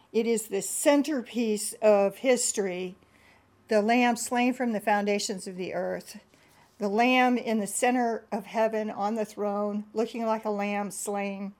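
A woman's voice: medium pitch, darkish tone. A woman preacher who prays with earnest, fervent repetition and then reads scripture aloud with dramatic emphasis. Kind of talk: prayerful sermon and scripture reading.

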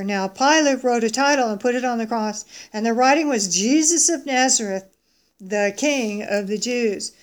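Woman reading scripture with emphasis. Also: a little high. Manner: slow, emphatic reading of quoted speech; pauses to self-correct in asides. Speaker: Bible teacher.

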